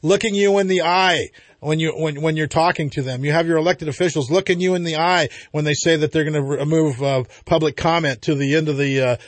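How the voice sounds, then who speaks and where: A man's voice: fairly high pitch, steady tone, brisk, dry recording. A man hosting a political talk radio show, conversational and agreeable, running the segment. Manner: conversational, agreeable, chuckling at own jokes.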